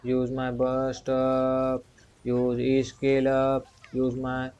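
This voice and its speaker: A man's voice: medium pitch, completely flat delivery, slow, a little mellow, clear, resonant tone. A young man commentating his own gameplay, repeating commands under his breath, grumbling when things go wrong and padding sentences with the filler "you can say.". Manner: muttered repetitive commands to himself; frustrated grumbling at the game. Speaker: gaming channel host. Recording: dull lo-fi recording.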